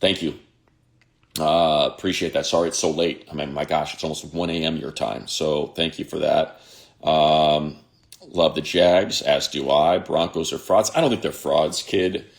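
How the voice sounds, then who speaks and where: A man's voice: rumbling low, steady tone, a little slow. A man in his fifties, a sports radio host, chatting casually on a livestream and reading viewer comments aloud in a rambling way.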